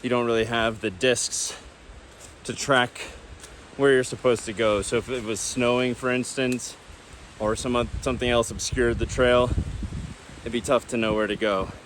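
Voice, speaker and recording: A man vlogging a hike on a rainy mountain trail, giving relaxed, practical trail tips while out of breath. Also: medium pitch, moderate pace, a little hiss or hum, poor audio. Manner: relaxed, practical, self-deprecating. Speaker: hiking vlogger. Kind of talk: casual trail commentary. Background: light rain.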